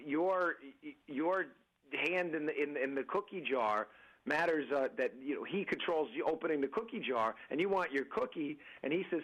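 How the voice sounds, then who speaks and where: A man's voice: medium pitch, rough recording. A man speaking as a guest and political candidate on a radio interview, talking emphatically with frequent restarts and addressing listeners as folks.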